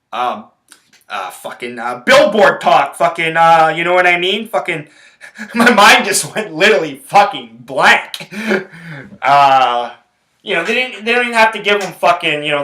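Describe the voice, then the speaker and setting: A man's voice: a little high, pushed and bright, echoey room, poor audio. A man hosting his own podcast, ranting about sports in a rambling, profane, heated way. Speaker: podcast host. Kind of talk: casual sports rant.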